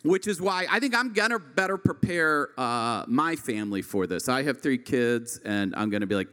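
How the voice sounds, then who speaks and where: Animated man in his thirties telling stand-up. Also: normal speed, hardly any pauses. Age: 30s. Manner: rambling, filler-heavy storytelling with animated pitch swings. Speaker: stand-up comedian. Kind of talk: live stand-up storytelling.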